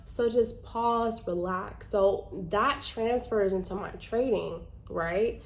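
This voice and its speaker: A woman's voice: mid-range voice, slow pace. Woman vlogger, casual and earnest, chatty delivery with many fillers. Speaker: vlogger and trader. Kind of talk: casual talk to camera.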